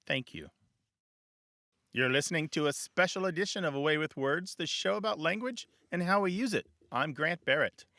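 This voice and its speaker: A man's voice: fairly high pitch, expressive, moderate pace, pushed and bright, dry recording, clean studio sound. A man co-hosting a radio talk show, laughing easily and explaining where words come from.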